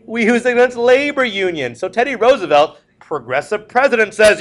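A male teacher lectures a classroom, his voice sitting a little higher than most men's. He mixes jokes into his stories. He keeps putting questions to the students. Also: animated, fairly quick, few pauses, fairly bright tone. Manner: joking, storytelling, asks the class questions. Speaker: history teacher.

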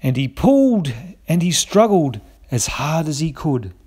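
A man's voice: fairly high pitch, sing-song, a little slow, a little mellow, husky. A man narrating a rhyming children's storybook in a lilting, rhythmic way. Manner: lilting, rhythmic rhyme reading.

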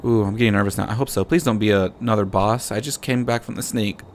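A man's voice: fairly low pitch, fast, slight background noise. A man hosting a let's play, commenting on the game in a playful, jokey way and talking back to the characters. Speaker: gaming channel host.

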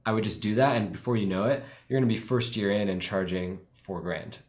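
A man's voice: fairly low pitch, brisk. A man co-hosting a live stream, casually critiquing a wedding film and thinking aloud with many fillers. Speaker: wedding filmmaker co-host reviewing films.

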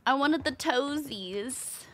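A woman streamer giving live gameplay commentary, excitable, cursing and laughing often. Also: high voice, takes it slowly, noisy background.

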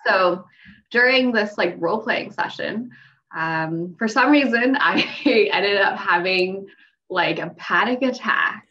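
A young woman who works as a mental health clinician tells her story as a guest on a podcast, chatting casually with lots of fillers and frequent laughter. Her medium-pitched voice is pushed and bright, and she speaks slowly. The remote-call audio sounds dull and distant.

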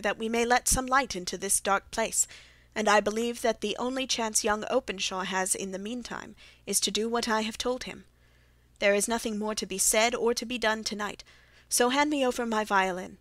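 A woman reading the part of Sherlock Holmes, a sharp male detective, in a measured, grave way in a dry audiobook recording. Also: mid-range voice, no room sound, lightly acted.

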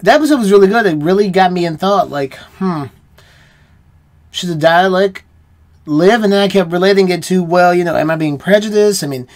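An American man with a fairly high voice talks through a TV episode on his reaction channel. He muses aloud, rambles and keeps questioning his own views in casual solo chat. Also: a little fast. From United States. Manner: musing, rambling, self-questioning.

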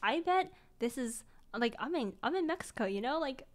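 A young woman chats casually on a stream, her voice sitting a little high. She tells a story with plenty of filler words. She jumps up in pitch and volume whenever she quotes someone. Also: normal speed. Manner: animated, acts out quotes in higher voice, laughs often.

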